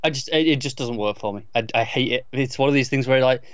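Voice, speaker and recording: A man's voice: mid-range voice, fast talker, a bit bright, no room sound, muffled recording. A man co-hosting a casual podcast, emphatically arguing his complaints about an episode, often stammering as he restarts. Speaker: podcast co-host. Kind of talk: casual chat reviewing a TV episode.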